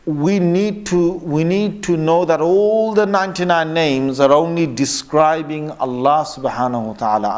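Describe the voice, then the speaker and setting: A man teaching a religious lesson who quotes Arabic passages and then explains them in English, pausing often and correcting himself as he goes. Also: on the high side. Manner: pauses often, with fillers and self-corrections. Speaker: Islamic teacher. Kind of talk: lecture on religious texts.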